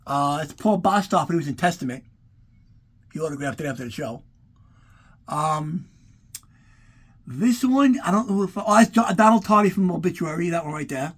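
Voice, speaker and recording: A man's voice: a little high, slightly rough. Profane, rambling man. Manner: rambling, profane, animated anecdotes. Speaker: collector giving a room tour. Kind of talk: casual storytelling to camera.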